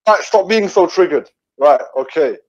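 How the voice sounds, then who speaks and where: Guy arguing back in a debate, kinda high voice, muffled lo-fi call sound. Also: lively intonation, normal speed. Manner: defensive, gets cut off. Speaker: debate guest. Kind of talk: heated online debate.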